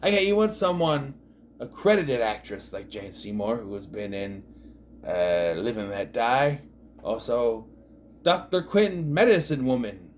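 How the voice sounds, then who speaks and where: A man's voice: medium pitch, lively intonation, a little slow, a little hiss or hum. A man in his thirties giving a casual episode recap, rambling and sarcastic, full of fillers and asides. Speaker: TV show reviewer.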